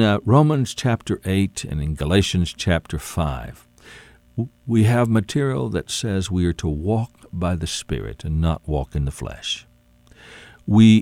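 A man delivers a sermon at a slow, deliberate pace. His voice is very low, but it rises and falls with emphasis. The sound is dry and close. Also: darkish tone, no echo. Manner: slow, deliberate preaching with rising and falling emphasis. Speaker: preacher.

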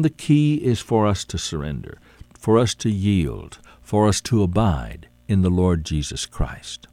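Slow, deep-voiced preacher man. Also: mellow, dry recording. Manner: slow, deliberate preaching with rising and falling emphasis. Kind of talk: sermon.

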